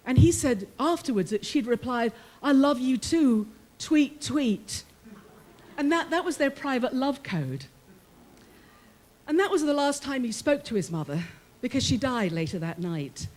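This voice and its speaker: A woman's voice: high voice, moderate pace. A middle-aged British woman, a prison chaplain, telling a personal story live with humor and acted-out quotes. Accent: British English. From Britain. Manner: lively, humorous storyteller who acts out quoted voices.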